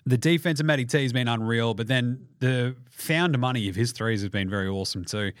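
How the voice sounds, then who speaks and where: A young Australian man hosting a basketball podcast, talking casually with lots of swearing and jokes, often mimicking people in quick put-on voices. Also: medium pitch, dry recording, clean studio sound. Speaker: podcast host. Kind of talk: casual sports podcast monologue.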